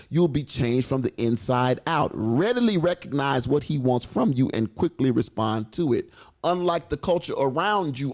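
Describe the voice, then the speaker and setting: Gravelly-voiced preacher hosting a radio show. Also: male voice, mid-range voice, a little mellow. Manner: chatty, reads verses aloud with exclamations. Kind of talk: casual radio chat and scripture reading.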